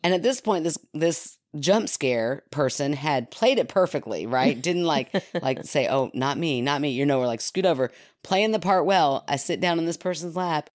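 A woman from Kentucky tells a long story in a relaxed podcast chat. Her voice sits fairly low, and she laughs her way through it. It is recorded close and dry, with no room sound. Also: normal speed, hardly any pauses, no room sound.

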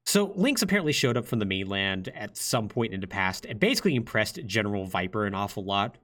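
Lively young man retelling a game story. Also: lowish voice, fairly quick. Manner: lively, filler-heavy, acts out quotes. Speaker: podcast host. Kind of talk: casual chat retelling a game plot.

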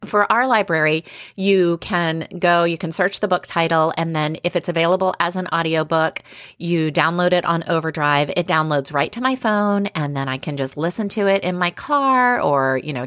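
A middle-aged woman co-hosting a podcast, telling stories in a chatty, animated way with frequent fillers. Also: on the low side, no room sound, studio quality. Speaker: podcast co-host. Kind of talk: casual chat.

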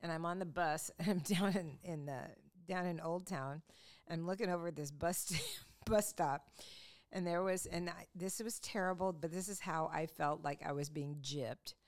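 Middle-aged woman co-host, low-pitched, rambling chatty storyteller who pokes fun at herself. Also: fairly even intonation, normal speed. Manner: chatty storyteller, self-mocking, laughs often. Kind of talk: casual chat.

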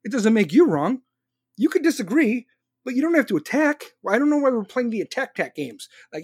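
A man's voice: extremely high pitch, sing-song, brisk, slightly rough, no room sound, clean studio sound. A man hosting a casual live stream, reading viewer comments aloud and answering them with sarcastic, argumentative commentary on his phone. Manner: argumentative, sarcastic, talks back to chat. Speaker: podcast host live-streaming.

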